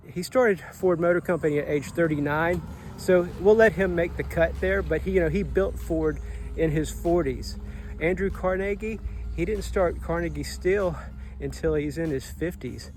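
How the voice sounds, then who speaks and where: A man's voice: a little high, darkish tone. Earnest motivational man in his forties. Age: 40s. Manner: earnest, motivational, swears casually. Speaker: vlogger. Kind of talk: casual vlog monologue. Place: outdoors on a Caribbean island.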